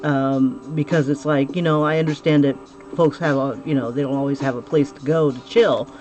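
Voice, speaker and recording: Woman artist chatting on stream, laughs a lot, restarts sentences, music clearly behind her. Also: low-pitched, steady tone, moderate pace, muffled recording. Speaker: livestreaming artist chatting with viewers. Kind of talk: casual livestream chat while drawing. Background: music playing clearly.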